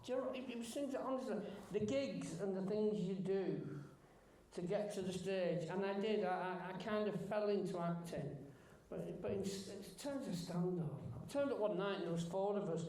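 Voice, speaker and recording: A man's voice: high-pitched, normal speed, warm tone. A comedian at a cinema Q&A who tells a story with stammering restarts and keeps laughing as he goes. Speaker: comedian guest at a Q&A. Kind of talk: anecdotal storytelling. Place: cinema auditorium Q&A. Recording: roomy echoey cinema.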